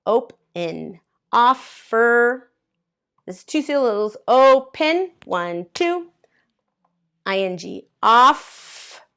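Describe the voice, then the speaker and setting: Speaking extremely slowly, this ESL teacher has a highish, creaky voice that is also a bit bright, clear and resonant, with lively intonation. At a board, writing in colors, she guides learners through English grammar, patiently spelling letters and clapping syllables.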